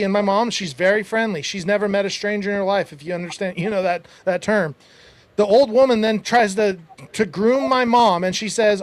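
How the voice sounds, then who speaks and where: A man's voice: high voice, a little fast. A man hosting a podcast, telling a personal story in a casual, emphatic way, with preachy asides to his listeners. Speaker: podcast host.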